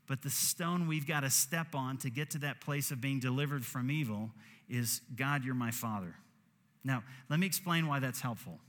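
A man's voice: mid-range voice, moderate pace, a bit bright, long reverb tail. A man preaching a sermon as pastor, earnest, acting out short prayers in quoted voices.

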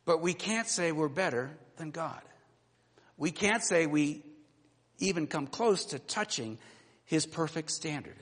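A man in his sixties preaching a sermon, telling a personal story that moves between animated and low, quiet passages. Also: measured pace, long reverb tail. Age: 60s. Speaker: pastor.

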